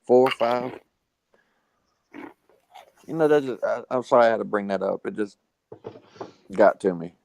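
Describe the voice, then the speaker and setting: A man's voice: lowish voice, normal speed, vocal fry, pauses often, darkish tone, a little hiss or hum, poor audio. A man in a casual podcast chat, talking earnestly and ranting a little. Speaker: podcast co-host.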